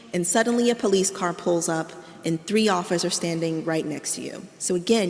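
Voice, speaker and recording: A woman professor lectures to an audience in a large hall, and her voice has a gravelly fry. She tells a scene in the second person, with long reverb trailing her words. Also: mid-range voice. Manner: vivid second-person storytelling. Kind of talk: public lecture.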